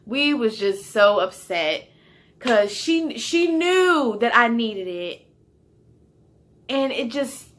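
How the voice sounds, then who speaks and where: A young woman vlogs a storytime in a casual, slangy way, with plenty of swearing. Her voice is bright and forward, with a fairly typical pitch. She swings from animated outrage to near whispers. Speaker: vlogger.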